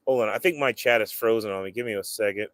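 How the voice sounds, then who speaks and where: A man's voice: fairly low pitch, quick pace, a bit bright, no room sound. A man hosting a casual livestream, rambling to his viewers and cooing at his pets. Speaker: livestream host.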